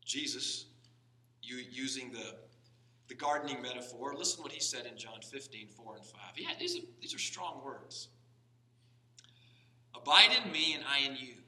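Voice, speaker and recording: Recorded at a distance in an echoey church sanctuary, a pastor delivers his sermon in a conversational way, often restarting and rising to emphatic stress. His mid-range voice is expressive, bright and forceful, at a moderate pace with frequent pauses and slight background noise.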